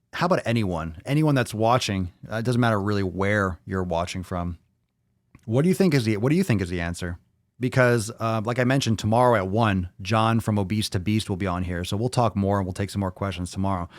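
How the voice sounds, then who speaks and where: A man's voice: lowish voice, expressive, brisk, no echo, clean studio sound. A young man hosting a casual livestream podcast, rambling and swearing freely as he throws questions to his viewers. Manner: rambling, profane, asks the audience questions. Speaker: podcast host.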